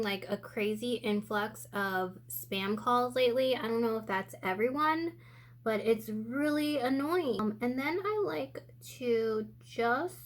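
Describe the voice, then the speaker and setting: Slow, chatty woman doing a makeup tutorial. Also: a little high. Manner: chatty and relaxed, thinking aloud while applying makeup. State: a little out of breath. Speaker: beauty vlogger. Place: indoor room with sunlight coming in.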